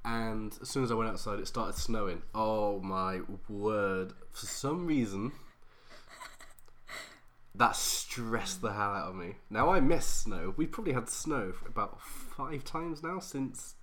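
A man's voice: lowish voice, a little slow, a bit bright, slight background noise. A British man co-hosting a casual chat podcast, joking and laughing a lot, with a slight cough and a voice that is going. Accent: British English. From Britain. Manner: jokey, laughs often. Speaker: podcast co-host.

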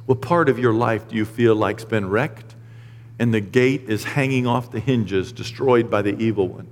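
A man's voice: on the low side, moderate pace, in a large hall, a little hiss or hum. A middle-aged man preaching a sermon in a church, earnest and emotional, talking conversationally with acted asides. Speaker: pastor. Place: church sanctuary.

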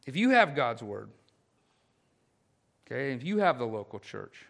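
A man preaching a sermon as a pastor, explaining scripture with animated emphasis that swings from loud declarations to soft, earnest appeals. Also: medium pitch, a little slow, creaky, pauses often.

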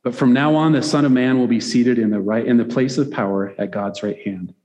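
A man at middle pitch preaches a sermon. He reads the passage aloud and then drops into loose, chatty asides that end in "right?". His voice rings out with the long reverb of a large hall. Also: a little fast, darkish tone, highs cut off. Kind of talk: sermon reading scripture with commentary.

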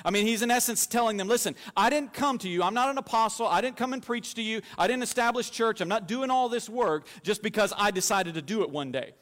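A man in his thirties, a pastor, preaching a sermon and telling animated stories with humor. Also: high voice, fast talker, few pauses, long reverb tail.

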